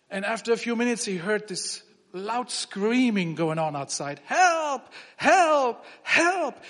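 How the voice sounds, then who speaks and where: A man with a high voice preaches a light, conversational sermon. He often circles back and restarts his phrases. His voice rings out with a long reverb through a big hall. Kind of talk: sermon with humor.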